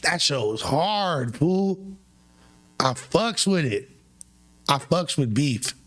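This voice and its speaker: A man's voice: animated, slow. Slangy man bantering on a stream. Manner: loose slang-heavy banter, swings pitch up for emphasis. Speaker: streamer host. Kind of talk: casual chat with callers.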